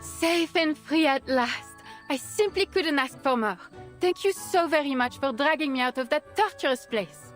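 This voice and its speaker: High, courtly French-accented lady. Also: lively intonation, normal speed, a bit bright, soft background music. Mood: gracious. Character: refined, overly polite lady freed from captivity. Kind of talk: game voice acting.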